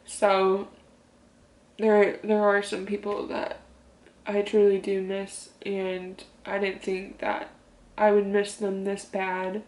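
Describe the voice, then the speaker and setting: A woman's voice: mid-range voice, completely flat delivery, slow, darkish tone. A young woman from Michigan talking casually to her camera as a vlogger, rambling and heartfelt with lots of fillers. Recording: roomy echo.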